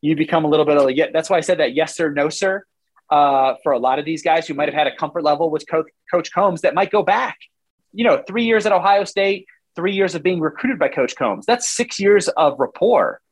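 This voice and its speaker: A man's voice: a little high, lively intonation, brisk. A man in his forties, a former player now analyzing football in casual talk, rambling animatedly and acting out what coaches would say.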